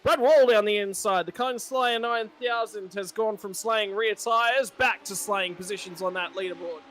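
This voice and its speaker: High-voiced Australian race commentator. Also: male voice, normal speed. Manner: excitable banter, jokey. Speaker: sim racing commentator.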